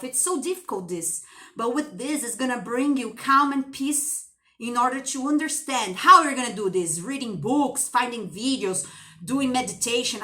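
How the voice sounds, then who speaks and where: A woman with a high, bright, forceful voice gives a motivational monologue straight to her viewers. She piles up rhetorical questions with real passion. She calls her audience darling and baby as she urges them on. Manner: addresses viewers with endearments. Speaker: teacher.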